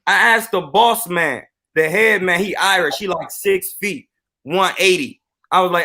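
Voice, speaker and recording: A boxing coach telling a story on a live stream in an animated, boastful way. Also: male voice, high voice, unhurried.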